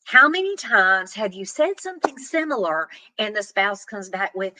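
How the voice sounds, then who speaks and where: A woman's voice: medium pitch, expressive, moderate pace, hardly any pauses, pushed and bright, no echo, rough recording. A woman giving earnest, plain-spoken relationship advice, acting out example conversations. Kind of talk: direct-to-camera advice talk.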